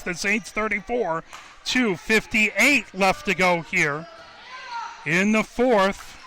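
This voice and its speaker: A man calling a basketball game play-by-play for radio, naming each pass in a rapid running call and getting louder at scores. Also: sits high, a little hiss or hum.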